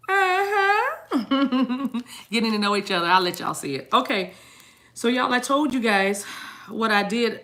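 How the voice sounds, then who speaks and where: A woman's voice: mid-range voice, pushed and bright. A middle-aged woman hosting a casual livestream reading, chatting playfully with viewers, laughing often and breaking into bits of song. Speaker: tarot reader hosting a livestream.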